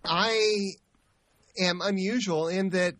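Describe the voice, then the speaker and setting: A man co-hosting a podcast speaks in a fairly high voice, picked up dry and close to the mic. He stumbles and repeats words as he tries to make his point. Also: fairly even intonation, fairly bright tone, dry recording. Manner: halting, stammers and repeats words. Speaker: podcast co-host. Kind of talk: casual chat.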